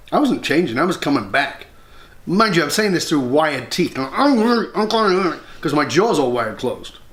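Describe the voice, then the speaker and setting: A man's voice: mid-range voice, fairly bright tone. A man as an interview guest and leadership mentor, telling a personal story in a candid, reflective and earnest way, with blunt swearing now and then. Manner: often acts out his own past words.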